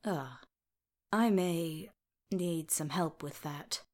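A woman's voice: animated, slow, husky, heavily acted. A woman voicing a wounded male dwarf lord who speaks faintly and wearily. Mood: weak. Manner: faint, weary, low-spoken.

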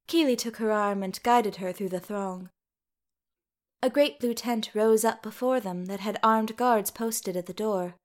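A woman reading a story aloud in a steady, even narration. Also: mid-range voice, a little slow.

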